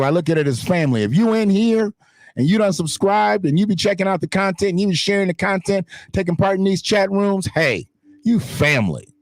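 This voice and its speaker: A man's voice: sits high, no echo. A man hosting his own online show, talking in blunt, profane, emphatic casual commentary.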